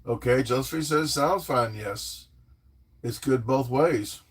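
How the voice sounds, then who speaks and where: A man's voice: medium pitch, animated, slow, gravelly, slightly rough, poor audio. A man hosting a casual livestream, rambling and joking as he reads viewer comments aloud and answers them. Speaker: livestream host reading chat.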